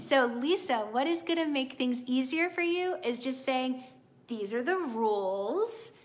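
Chatty tarot-reading woman, fairly high voice. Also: measured pace. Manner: warm, chatty, encouraging, animated with laughs. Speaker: tarot reader. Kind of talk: live tarot reading to online viewers.

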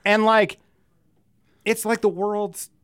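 A man's voice: sits high, flat delivery, slow, a bit bright, clear, resonant tone, no echo, clean studio sound. A man co-hosting a podcast in casual chat, rambling and profane, often breaking into laughter. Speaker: podcast co-host.

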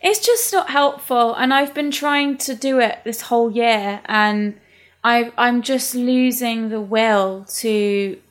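A woman talks in a slightly high voice. She is candid and blunt in casual podcast chat and swears freely. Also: slow.

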